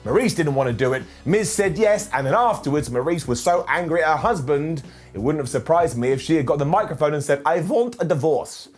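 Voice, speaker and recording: A man hosting a casual review show, talking in an animated, jokey and ranting way. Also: fairly high pitch, brisk. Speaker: host. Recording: faint background music.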